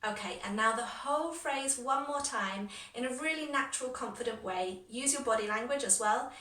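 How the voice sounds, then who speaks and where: A woman teaching an English lesson, modeling phrases clearly for listeners to repeat, with encouraging words and a rising, exaggerated intonation on the examples. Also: a little high, normal speed, few pauses, pushed and bright. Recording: echoey room from a distance.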